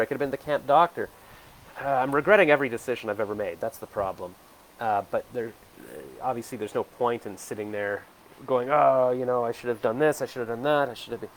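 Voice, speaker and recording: A man in his forties talking to the camera from home in a rambling, hesitant, self-reflective way. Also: medium pitch. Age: 40s. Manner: rambling, hesitant, full of fillers. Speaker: vlogger. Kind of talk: casual self-reflective monologue.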